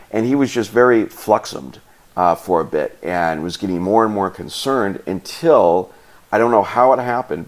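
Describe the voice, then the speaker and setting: A man telling a travel story in a casual, animated way, laughing often and acting out the people he met. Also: sits low. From United States. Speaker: travel vlogger.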